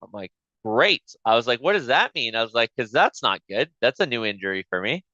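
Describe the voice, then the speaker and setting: A man's voice: medium pitch, fast talker, dry recording, highs cut off. A man hosting a podcast, telling a story in a casual chat and swearing freely as he acts out the back-and-forth. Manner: profane, animated retelling with quoted back-and-forth. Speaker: podcast host.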